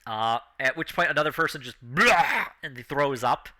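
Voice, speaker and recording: A man's voice: mid-range voice, animated, normal speed, sharp tone. A man narrating a tabletop role-playing game as game master, laid back and full of fillers and chuckles.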